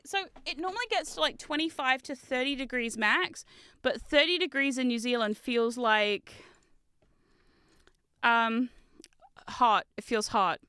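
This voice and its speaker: Bright, crisp-voiced giggly woman streamer. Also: fairly high pitch, dry recording, clean studio sound. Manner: giggly, chatty, loud squealing exclamations. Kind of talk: casual chat while building. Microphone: close desk microphone.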